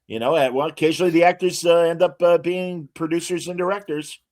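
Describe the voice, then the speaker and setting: With a fairly high, darkish voice held at a steady tone, this man talks fast as he co-hosts a podcast, chatting casually and enthusiastically, stuffing in trivia and filler words.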